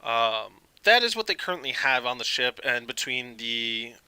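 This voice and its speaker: Bright crisp male game master. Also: medium pitch, normal speed, dry recording, low-quality recording. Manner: relaxed, laughing, with many fillers. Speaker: dungeon master. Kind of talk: narrating a tabletop game.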